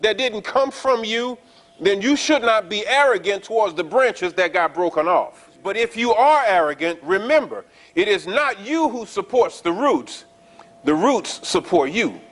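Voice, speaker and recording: A man preaching a sermon, explaining scripture in a conversational way, checking in with his listeners and slowing down to stress the verses. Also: sits high, expressive, fairly bright tone. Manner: explains scripture conversationally, often asking the congregation "right?"; reads verses slowly and stresses key words. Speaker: pastor.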